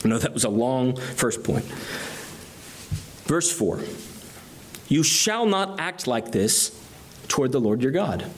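A man's voice: medium pitch, slight background noise. A man preaching an expository sermon, reading and explaining scripture passages earnestly.

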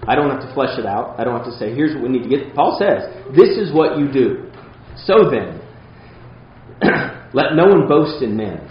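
A man's voice: medium pitch, echoey room, lo-fi sound, slight background noise. A man preaching a sermon as pastor, earnest and emphatic, with casual asides to the congregation.

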